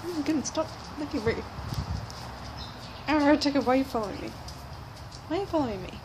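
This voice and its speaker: A woman's voice: high-pitched, expressive, a little fast. A woman filming a casual vlog, greeting her animals in sing-song baby talk. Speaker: vlogger greeting her pets. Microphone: handheld camera. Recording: noisy outdoor camera audio.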